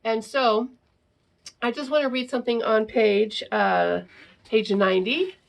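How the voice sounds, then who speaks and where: A woman's voice: fairly high pitch, unhurried, vocal fry. A woman teaching parents in a casual talk, often ending sentences with the question "right?". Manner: acts out example phrases to children.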